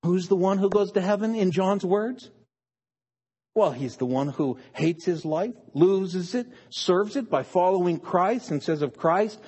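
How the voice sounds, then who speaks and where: A man preaching a sermon, swinging between hushed, drawn-out phrases and sudden emphatic bursts. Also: high voice, lively intonation, slightly rough.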